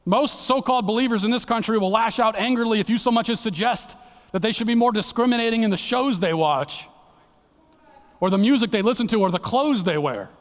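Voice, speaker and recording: A man giving an earnest, dramatic sermon as a guest speaker in a church, dropping to a hushed low voice for emphasis. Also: a little fast. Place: church sanctuary. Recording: long church hall reverb.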